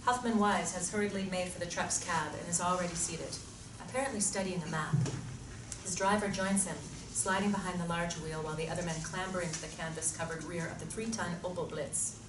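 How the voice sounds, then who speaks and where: A woman reading screenplay narration with a steady, descriptive delivery. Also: lowish voice, fairly quick. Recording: echoey room from far off, noisy.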